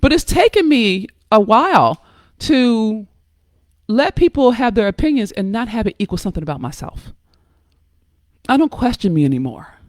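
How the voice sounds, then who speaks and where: An outspoken woman from the United States gives a motivational talk with a fairly high voice, pressing her points hard and tossing in curses. She keeps checking in with her listeners and restarts words as she goes. The sound is dry and close, with no room around it. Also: big pitch swings, moderate pace, darkish tone, no echo. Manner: emphatic and preachy, frequent "okay?" and "right?" check-ins; blunt, curses freely. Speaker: host giving advice to women.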